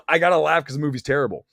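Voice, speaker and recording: A man hosting a movie talk show, delivering blunt, opinionated box office commentary and climbing high in pitch when he gets worked up. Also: vocal fry, a bit bright, dry recording, clean studio sound. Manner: blunt, opinionated, straight-talking. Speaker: host.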